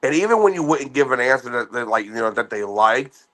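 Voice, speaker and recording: A man's voice: medium pitch, lively intonation, a little fast, fairly bright tone, poor audio. A man casually telling a profanity-laced story about his call-center work. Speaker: former call-center agent.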